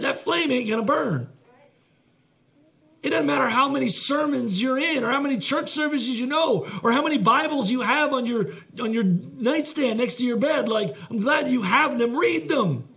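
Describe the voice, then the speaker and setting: High-voiced earnest male pastor. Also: moderate pace, vocal fry, a bit bright. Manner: conversational, filler-heavy preaching with many restarts; earnest, heartfelt delivery. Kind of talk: sermon.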